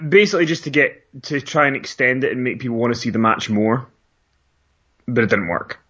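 A man hosts a casual podcast, moving briskly from question to question as he steers the talk. His voice comes through a little dull and lo-fi. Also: medium pitch, bright, forceful tone, breathy edge. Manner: brisk, asks questions and wraps up the show. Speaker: podcast host. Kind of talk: casual chat.

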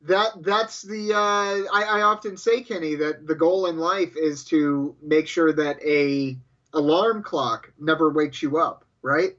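A man's voice: on the high side, a little slow, a bit bright, dull audio. A man co-hosting a podcast in casual banter, stammering and repeating words as he spins jokey tall tales. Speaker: podcast co-host. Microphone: headphones and studio mic.

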